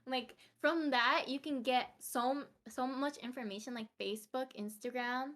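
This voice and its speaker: A woman's voice: high-pitched, steady tone, moderate pace, fairly bright tone. A young woman streamer chatting casually as a podcast guest, laughing often. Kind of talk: casual interview chat.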